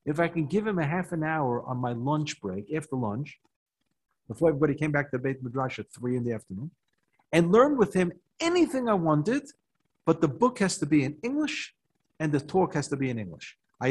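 An older American man, a rabbi, giving a Torah talk to a live audience and telling a story with rising excitement. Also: fairly high pitch, breathy edge. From United States. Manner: animated storytelling, rises in excitement.

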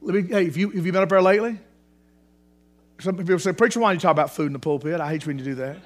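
A man preaching a sermon in a church, animated, repeating words for emphasis and restarting phrases often. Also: high voice. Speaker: pastor. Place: church sanctuary.

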